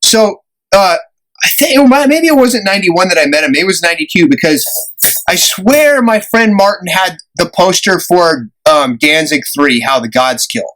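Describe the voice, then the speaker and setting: Young male podcast host, high and bright voice, animated storyteller who laughs a lot. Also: normal speed, rough recording. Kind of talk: casual storytelling chat.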